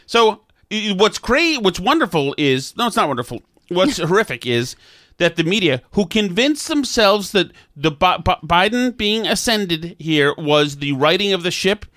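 A man's voice: high-pitched, a bit bright, no echo, clean studio sound. A man hosting a political talk show, giving blunt, sarcastic commentary with frequent stammered restarts.

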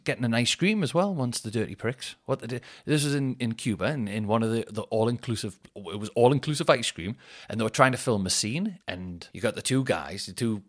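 A man's voice: mid-range voice, lively intonation, brisk. A man hosting a podcast, telling rambling, jokey stories full of fillers and restarts. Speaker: podcast host. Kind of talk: casual storytelling.

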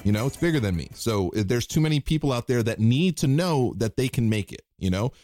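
A man's voice: mid-range voice, lively intonation, fairly quick, over music. A man hosting a podcast, chatty and supportive, talking with lots of fillers. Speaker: podcast host. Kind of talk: podcast interview.

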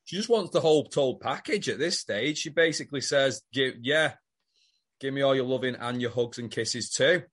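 A man's voice: medium pitch, moderate pace, fairly bright tone. A man co-hosting a podcast, chatting casually about a soap with plenty of swearing and quoted lines from the characters. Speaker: podcast co-host. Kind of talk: casual chat recapping a soap.

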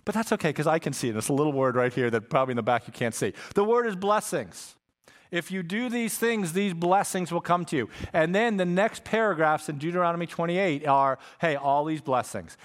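A man's voice: a little high, animated, brisk. A male pastor preaching a sermon in a church, conversational and repeating key phrases for emphasis. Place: church sanctuary with congregation.

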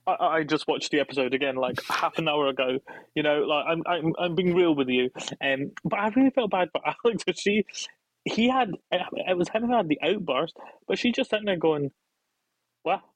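A man's voice: fairly quick, no echo, poor audio. A man guesting on a podcast, chatting casually, giggling and acting out quotes. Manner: giggly, acts out quotes in a high voice. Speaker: guest co-host.

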